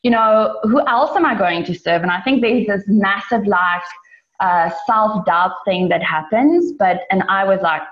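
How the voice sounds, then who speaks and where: A woman's voice: mid-range voice, unhurried. A woman from South Africa who runs an online business, telling a personal story in a chatty way with lots of fillers. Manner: chatty, many fillers, animated in retelling. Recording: roomy, dull lo-fi sound.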